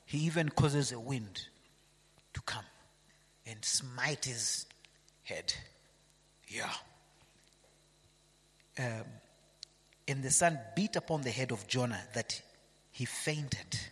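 A man's voice: mid-range voice, lively intonation, takes it slowly, long pauses, fairly bright tone, slightly rough, big-room sound. A man preaching a sermon, reading scripture aloud and asking his listeners rhetorical questions.

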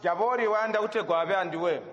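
A man interpreting a sermon live, briskly echoing each of the preacher's phrases. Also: high-pitched, a bit bright, highs cut off. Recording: reverberant hall with faint ambience.

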